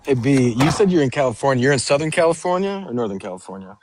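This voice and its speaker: A man in a casual online discussion, talking haltingly with fillers and casual swearing. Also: mid-range voice, animated, background noise. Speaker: debate participant.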